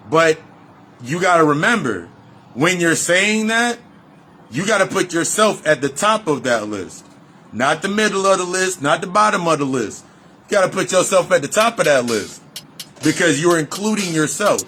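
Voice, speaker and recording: A man's voice: a little high, animated, normal speed, sharp tone, a little hiss or hum. A man giving a casual, profane spiritual talk in loose run-on sentences, repeating phrases for emphasis. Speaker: spiritual reader and life coach. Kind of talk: freewheeling spiritual monologue.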